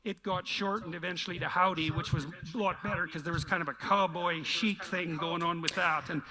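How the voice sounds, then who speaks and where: A man's voice: high-pitched, steady tone, brisk, crowd noise. A man in a played interview clip, recounting old work stories in a reflective way. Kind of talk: storytelling in an interview.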